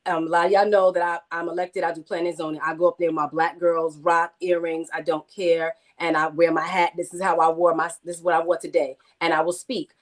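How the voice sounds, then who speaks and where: Woman, New York accent, low voice, rapid outspoken delivery. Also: level tone. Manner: emphatic, outspoken. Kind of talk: casual group discussion.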